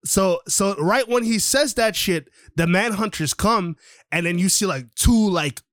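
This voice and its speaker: A man with a slightly high voice, recorded dry and close, retells a story for his podcast over a call. He talks casually and with energy, swears a lot, and jumps into the characters' lines as he goes. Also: unhurried, dry recording. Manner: animated, swears freely, acts out characters' lines. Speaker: podcast host. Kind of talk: casual retelling of a comic book plot. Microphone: online call.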